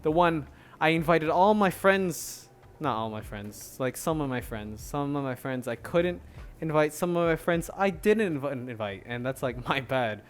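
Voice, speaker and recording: A man's voice: on the high side, expressive, normal speed, few pauses. A man hosting a solo podcast, chatting casually in a rambling way with lots of fillers. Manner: rambling, many fillers and restarts, laughs often. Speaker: podcast host.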